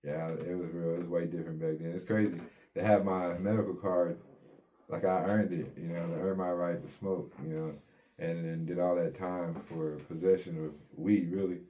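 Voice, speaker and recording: A man's voice: low-pitched, flat delivery, normal speed, mellow. A man casually telling his own story in an interview, in laid-back street slang with plenty of swearing, acting out what people said.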